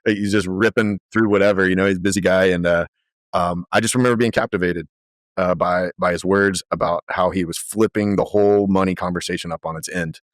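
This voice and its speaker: A man guesting on a podcast, telling animated stories full of fillers in a conversational way. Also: low voice, brisk, no room sound, clean studio sound. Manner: animated, lively storyteller with frequent fillers. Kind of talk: conversational storytelling.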